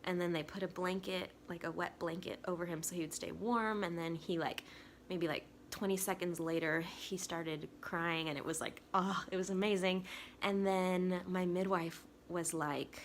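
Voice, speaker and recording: A young woman vlogger telling a personal story in a casual, chatty, excitable way. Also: lowish voice, normal speed, slight background noise. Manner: excitable, chatty, talks with 'like' often.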